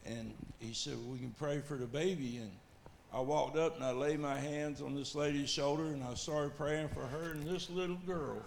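A man's voice: fairly high pitch, moderate pace, vocal fry, slight background noise. A man telling an earnest, folksy testimony to his church. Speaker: church member giving testimony. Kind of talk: storytelling testimony.

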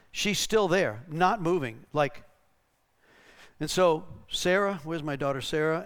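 A man preaching in a church, telling stories conversationally and checking in with "right?" while acting out voices. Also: a little high. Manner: conversational, tags lines with "right?", acts out the voices in his stories. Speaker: pastor. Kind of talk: sermon teaching with anecdotes.

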